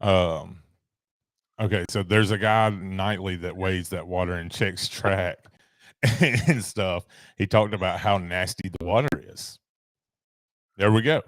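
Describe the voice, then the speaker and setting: Deep-voiced man in laid-back chat. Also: slow, dry recording, studio quality. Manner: relaxed, rambling, lots of fillers. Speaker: podcast co-host. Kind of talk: casual chat.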